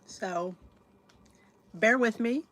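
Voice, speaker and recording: Chatty woman host, higher voice. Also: very slow, a bit bright, no room sound. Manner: chatty, scattered, talks to herself while setting up. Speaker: podcast host. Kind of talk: casual livestream chat.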